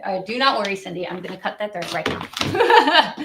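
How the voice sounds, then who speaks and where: A woman's voice: mid-range voice, very animated, normal speed, heavy background noise. A woman hosting a live craft demo, chatty and bubbly, laughing often as she reads viewer comments.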